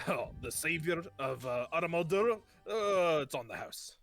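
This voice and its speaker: A stocky dwarf barkeep, as a man puts him on, with a gruff, folksy voice. He booms louder and climbs higher when calling across the room. Hearty and easy-going throughout. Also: lively intonation, normal speed, no room sound, soft background music. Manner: gruff, folksy, loud bursts.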